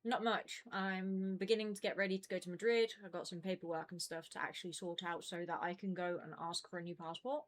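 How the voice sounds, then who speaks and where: A woman's voice: fairly low pitch, fairly even intonation, a little fast, hardly any pauses. A young woman in her twenties chatting casually with her stream viewers from home, rambling with lots of fillers. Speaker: game streamer.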